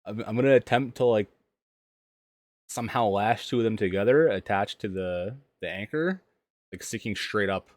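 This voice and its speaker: A man playing a tabletop game, laying out a plan in halting, scheming explanations. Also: lowish voice. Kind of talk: casual play.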